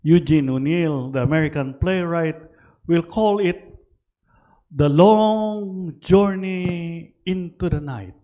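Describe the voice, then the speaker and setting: A man preaches a sermon from the front of a church, taking his time over every phrase. His voice sits fairly high for a man, and he lifts it on key words before letting it fall back. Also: slow. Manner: switches between Tagalog and English, lively rising emphasis. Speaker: priest.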